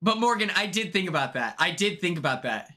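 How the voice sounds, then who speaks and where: Excitable young man streaming live. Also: high voice, brisk. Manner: excitable, chatty, talks to viewers by name. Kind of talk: casual live-stream chat.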